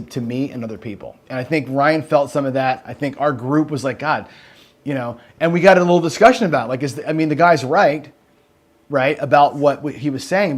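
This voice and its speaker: A man hosting a casual livestream, rambling and asking "right?" after nearly every sentence, and swearing when he gets heated. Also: mid-range voice. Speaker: host.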